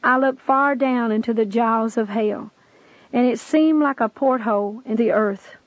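Her voice is fairly high and unhurried as she shares a preached testimony, telling her story with earnest pleading and urging belief. The recording is dry and rough.

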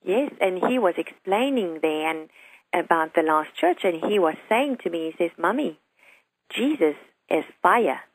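A woman's voice: fairly low pitch, expressive, measured pace, slightly rough, no echo, rough recording. A woman who is a talk show guest, earnestly telling a personal faith story and quoting her young son's words.

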